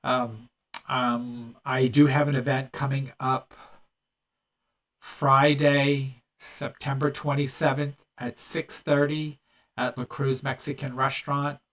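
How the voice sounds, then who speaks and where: A man's voice: medium pitch, level tone, slow pace, fairly bright tone. Chatty guy hosting a podcast, lots of restarts, sounds a bit far from the mic. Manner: rambling, chatty, with many restarts and fillers. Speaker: podcast host and medium. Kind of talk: casual podcast chat.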